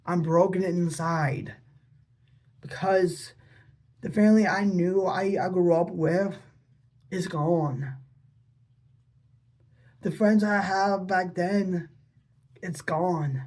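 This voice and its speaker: A man's voice: high voice, steady tone, slow pace, pauses often, a little mellow. A man vlogging an unscripted, rambling monologue to his father, repeating himself and asking pleading questions. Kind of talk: unscripted personal vlog monologue.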